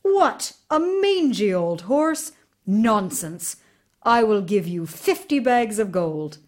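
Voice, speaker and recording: A woman's voice: mid-range voice, sing-song, takes it slowly. A woman playing a blustering old king. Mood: indignant.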